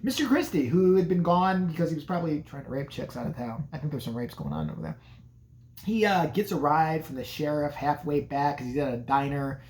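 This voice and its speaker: A man's voice: a little high, lively intonation, fairly quick, a little mellow, slight background noise. A man casually recapping a horror movie in a profane, sarcastic way. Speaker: movie reviewer.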